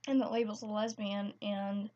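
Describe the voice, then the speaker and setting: With a dark, level tone and a mid-range voice at normal speed, a teenage girl recounts something personal for her vlog. Her delivery is hesitant, broken by restarts and fillers, over slightly dull lo-fi audio.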